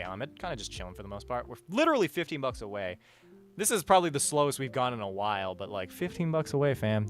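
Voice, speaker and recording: A young-sounding man streams from home, rambling and cursing his way through donation shout-outs. His pitch jumps around a lot as he talks. Faint music plays softly behind him. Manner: rambling, swears a lot, animated swings in pitch and loudness. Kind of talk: casual livestream chat reading donations.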